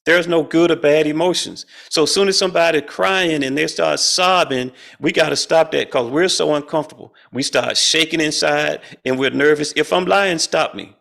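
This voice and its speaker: A man's voice: on the high side, normal speed, vocal fry, hardly any pauses, fairly bright tone. A middle-aged man leading a spiritual study group over a video call, talking in a folksy, colloquial way and chuckling often. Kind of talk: casual spiritual talk.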